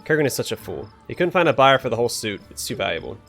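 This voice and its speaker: A man's voice: mid-range voice, sing-song, very fast, creaky, a bit bright, soft background music. A man reading out the lines of an earnest, proud male dwarf smith in a video game, in a plain read-aloud way. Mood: grave.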